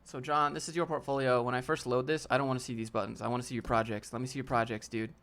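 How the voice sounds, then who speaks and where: A man's voice: mid-range voice, flat delivery, fast talker, a bit bright. Blunt casual man hosting a livestream. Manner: blunt, answers chat questions and critiques a viewer's portfolio; casual slang, calls viewers fam and dude. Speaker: livestream host. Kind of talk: casual live Q&A. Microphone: desk setup with a DSLR camera.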